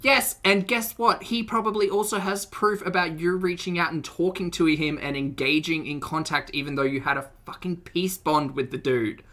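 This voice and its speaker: Brief: sarcastic reaction streamer, bright forceful tone, blunt casual commentary with frequent laughs. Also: mid-range voice, normal speed, hardly any pauses. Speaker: streamer reacting to videos and reading chat.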